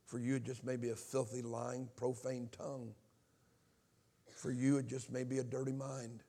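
A middle-aged evangelist from Alabama whose voice carries a gravelly edge. He tells his story from the pulpit, dropping low and hushed, then climbing into loud, impassioned cries. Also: level tone, moderate pace. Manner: impassioned, swings from hushed to shouting. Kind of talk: testimony sermon.

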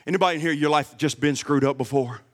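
A man giving a sermon as a guest pastor in a church, swinging from shouted emphasis to low, quiet asides. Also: fast talker, long reverb tail. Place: church service.

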